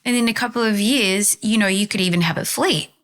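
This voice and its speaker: A woman voicing an eager, incredulous male American tourist who asks rapid, insistent questions. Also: medium pitch, fairly bright tone, pitched above the performer's own voice, natural voice.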